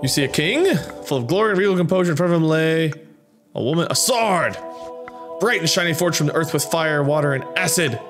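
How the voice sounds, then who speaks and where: A man's voice: a little high, animated, fairly bright tone. A young man casually commenting on a game, reading its text aloud and reacting with wry asides. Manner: chatty, wry, bouncing between reading and quick reactions. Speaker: gameplay commentator. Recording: game music playing behind the voice.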